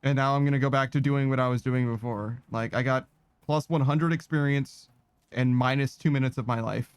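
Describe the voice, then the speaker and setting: A man's voice: mid-range voice, steady tone, brisk, clear, resonant tone, no echo. A man giving let's-play commentary in a sardonic, profane, rambling way. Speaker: gaming streamer.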